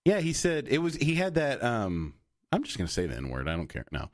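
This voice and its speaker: A man's voice: medium pitch, wildly swooping pitch, a little fast. Rambling man chatting on a podcast. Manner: rambling, many tangents and restarts; acts out quoted voices. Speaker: podcast co-host. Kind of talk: casual chat.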